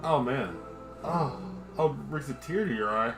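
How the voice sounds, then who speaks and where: A man talks on a livestream from home in a mid-pitched voice, rambling and swearing as he mocks himself and turns to chat with his dog. The tone is easygoing home-stream chatter, with faint music playing underneath. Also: animated, unhurried, gravelly. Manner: rambling, profane, self-deprecating. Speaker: livestream host. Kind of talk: casual livestream chat while drinking.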